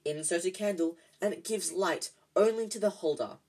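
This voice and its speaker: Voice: mid-range voice, moderate pace, a little mellow, slightly rough. A reader voicing an oily, fawning male shopkeeper who bows to a rich customer. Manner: oily, bowing and scraping.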